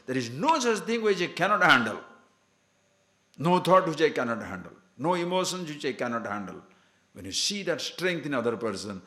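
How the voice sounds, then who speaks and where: Male spiritual teacher, emphatic discourse style, animated delivery, roomy echo. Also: medium pitch. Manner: asks many rhetorical questions, emphatic. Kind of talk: scripture discourse to a class.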